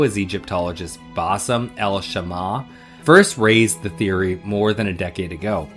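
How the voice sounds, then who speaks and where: A man's voice: fairly low pitch, a bit bright. Wry man reading the news on a podcast. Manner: wry, joking asides between read passages. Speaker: podcast co-host. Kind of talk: casual chat and reading news aloud.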